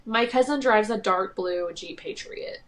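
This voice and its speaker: A woman's voice: mid-range voice, measured pace. A young woman co-hosting a podcast, telling a story in a rambling, casual way with lots of fillers and a slightly nasal voice. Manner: chatty, rambling with many likes and ums. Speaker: podcast co-host.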